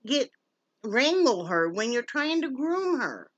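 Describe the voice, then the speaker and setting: A woman's voice: high-pitched, very animated, fairly bright tone, no room sound, muffled recording. Chatty woman from Wyoming, dry close sound. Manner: chatty, drawn-out folksy talk mixed with coaxing baby talk to her dog. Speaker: vlogger, pet rescuer. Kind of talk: casual home vlog.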